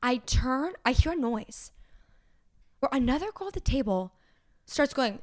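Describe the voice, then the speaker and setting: Young woman podcast cohost, high voice, fast animated storytelling, cusses a lot. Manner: animated storytelling, swears freely. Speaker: podcast co-host. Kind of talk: casual chat.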